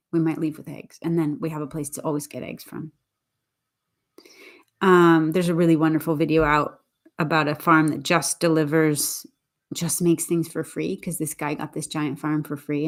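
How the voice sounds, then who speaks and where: A Boston woman with a low, darkish voice offers a casual spoken reflection. She rambles earnestly and often restarts her sentences.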